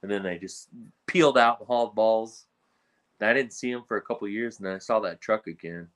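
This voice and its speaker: Podcast guest: a man with a low-pitched voice, breeder talk, exasperated and blunt, lots of restarts. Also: fairly quick, a bit bright. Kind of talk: casual podcast conversation.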